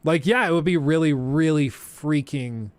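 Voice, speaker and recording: A man's voice: fairly high pitch, a little slow, no echo. A young man telling a story on a livestream, laughing often and acting out the people he quotes. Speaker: streamer.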